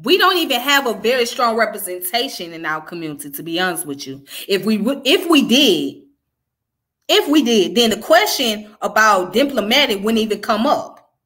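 Replying to viewer comments, a Southern US-accented woman from the Southern United States speaks frankly and casually, hammering her points home by repeating them. Her voice runs on the high side with big pitch swings, a moderate pace, and a fairly bright tone.

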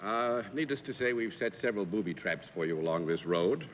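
A genial man hosts a live 1950s game show, his pitch moving in a lively way as he laughs often. The sound is dull and lo-fi, with the long reverb of a big studio hall. A soft hiss sits under the broadcast. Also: a little fast. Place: TV studio before a live audience.

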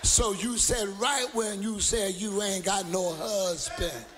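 A man preaching voices a calm, compassionate male teacher, speaking in a lower and measured way while music plays under the sermon. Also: in a large hall.

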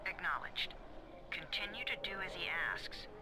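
A man's voice: high voice, animated, moderate pace, background noise. An actor playing a cold, clipped male radio handler who speaks in a half-whisper over the radio. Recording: distant radio voice over game music.

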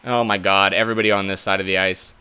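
A young man doing live gameplay commentary, easily frustrated, swearing and breaking into loud outbursts. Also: deep voice, little pitch movement, fast, clear, resonant tone. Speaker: gaming channel host.

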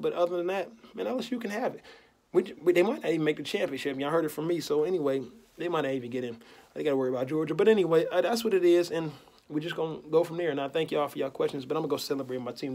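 A man's voice: a little high, rapid-fire, a little mellow. A young man vlogging a mock post-game press conference, boasting and trash-talking in laid-back slang.

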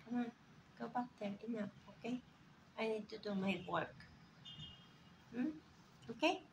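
A woman vlogging at home, coaxing her pet bird in a soft, baby-talk way. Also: fairly high pitch, a little slow. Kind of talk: casual vlog talking to a pet bird. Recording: noisy home recording.

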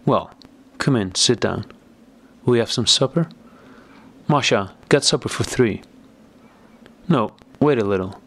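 A man's voice: medium pitch, measured pace, gravelly, long pauses, a bit bright, slightly rough, exaggerated voice. A man voicing a gaunt, sickly man who is angry, suspicious and abrupt, in an audiobook. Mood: agitated.

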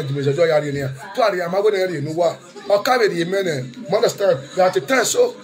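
A man in an emotional monologue, switching between shouting, pleading apologies and snatches of song, with Pidgin mixed in. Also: high-pitched, animated, quick pace. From Nigeria. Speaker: social media commentator. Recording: faint music behind.

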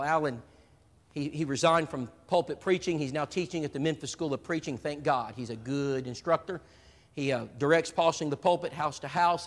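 A man with a fairly high voice gives a seminar talk in a church hall, preaching through animated, acted-out anecdotes in which he voices the other people. The live stream carries a long hall reverb.

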